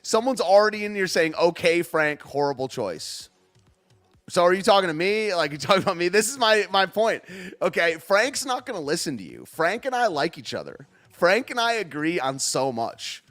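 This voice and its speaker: A man's voice: sits high, big pitch swings, fairly quick, a bit bright, soft background music. Sarcastic, rambling male podcast host. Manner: sarcastic, rambling, laughs at himself. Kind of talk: casual political podcast rant.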